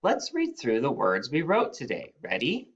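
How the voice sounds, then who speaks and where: A male teacher giving a phonics spelling lesson, slowly stretching out the sounds of each word. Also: medium pitch, wildly swooping pitch, dull audio.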